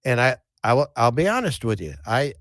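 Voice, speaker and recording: A podcast host and angler tells casual fishing stories in a folksy manner, frequently restarting and repeating words. His mid-range male voice is sing-song and fairly bright, a little fast, and recorded dry with clean studio sound.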